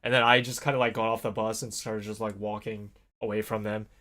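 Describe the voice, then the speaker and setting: Talking fairly quickly in a fairly low voice, a young man in his early adult years tells a lengthy, casual story in a solo vlog, full of fillers and animated swearing-to-God asides.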